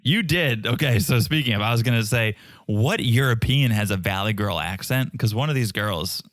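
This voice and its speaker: A man talks through a reality show episode with a sarcastic edge. His pitch swings widely as he mocks the people on screen. The recording is close and dry. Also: moderate pace, dry recording. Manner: animated, sarcastic, mimics people with big pitch jumps. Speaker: podcast co-host. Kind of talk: casual recap chat.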